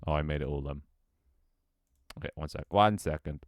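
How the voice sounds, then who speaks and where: A man with a very deep voice livestreams while building a game level, thinking out loud at a normal pace. He mutters to himself, swears often, and jokes with his chat, his voice cracking now and then. The audio is clean studio sound with no echo.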